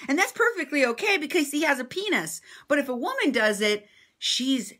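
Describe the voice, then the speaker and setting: A woman journalist giving impassioned commentary in response to viewer comments, assertive and sarcastic, swinging between loud outbursts and low asides. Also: sing-song, normal speed. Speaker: independent journalist and vlogger.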